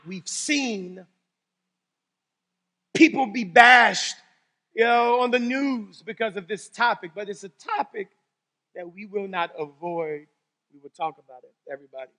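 A man preaching a sermon as pastor, telling stories animatedly, swinging between loud exclamations and low serious tones. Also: long reverb tail. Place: church sanctuary.

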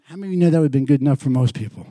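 A man preaching as a pastor, telling a story with animated swings from loud bursts to quiet, intimate passages. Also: medium pitch, racing, dry recording, studio quality. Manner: animated, swings from shouting to hushed. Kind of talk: sermon storytelling.

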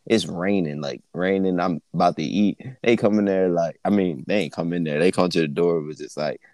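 A young man co-hosting a podcast, telling stories in relaxed slang-heavy casual chat. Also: low voice, fairly quick, no room sound. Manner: laid-back storytelling with slang and frequent laughter. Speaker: podcast co-host.

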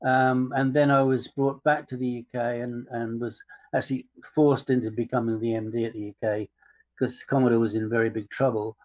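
A man being interviewed on a podcast, his middle-pitched voice measured and unhurried with frequent pauses. The audio is a little dull and lo-fi, like a remote call. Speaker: guest.

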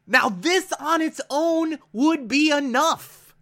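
Excitable male reviewer, high and bright, gushes through a recap. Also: slow pace. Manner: excitable, gushing, repeats words for emphasis, acts out quotes. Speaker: TV episode reviewer. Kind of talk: enthusiastic episode recap.

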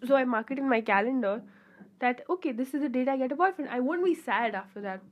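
A young woman talks through her podcast in a loose, rambling way, full of "uh"s, self-corrections and giggly asides. Her voice sits a little higher than most women's and has a clean, pure quality. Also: animated, fast, highs cut off. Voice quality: pure-sounding voice. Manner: rambling and chatty, with frequent fillers and giggly asides. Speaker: podcast host. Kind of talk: casual solo podcast chat.

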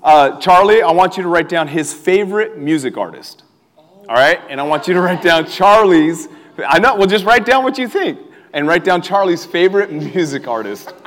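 Energetic young male preacher in a reverberant hall. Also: high-pitched, moderate pace. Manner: animated, calls for crowd responses, laughs often. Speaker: youth pastor. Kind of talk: energetic sermon. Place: church hall with a live audience.

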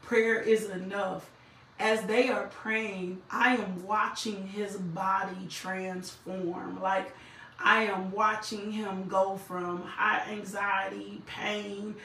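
A woman's voice: medium pitch, little pitch movement, slow, pushed and bright, a little hiss or hum. Fervent woman preacher in echoey room. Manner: fervent, repeats phrases for emphasis. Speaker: minister. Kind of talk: testimony and prayer. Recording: echoey room, mic at a distance.

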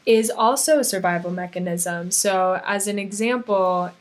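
A woman in her thirties, a podcast guest, talking candidly and earnestly in an animated way. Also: mid-range voice, normal speed. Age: 30s. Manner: earnest, animated, acts out quoted voices. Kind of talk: candid conversational interview.

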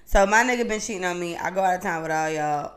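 A woman's voice: lowish voice, fast. A woman co-hosting a podcast in casual chat, telling stories bluntly and crudely. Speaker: podcast co-host.

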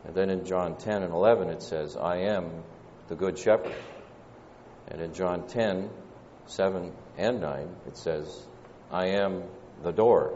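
Low-voiced Southern preacher in reverberant hall. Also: male voice, dark tone, a little hiss or hum. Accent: Southern American. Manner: measured, pausing delivery with frequent "uh" fillers. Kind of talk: sermon. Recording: dull lo-fi church recording with long reverb.

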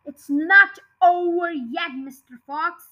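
A woman voicing a cruel, furious farmer who shouts threats in a storybook reading. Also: extremely high pitch, slow pace, exaggerated voice, poor audio. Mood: angry threatening.

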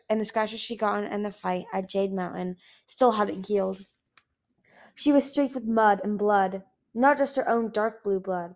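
A woman hosting her own podcast, chatting in a rambling, casual way full of fillers and then reading a book chapter aloud. Her voice sits at a middle pitch.

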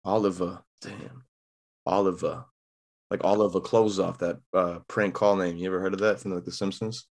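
Low voiced guy hosting a podcast, jokey and slangy, real easygoing. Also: level tone, moderate pace, a little mellow. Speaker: podcast host. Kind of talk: casual podcast chat. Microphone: camera mic.

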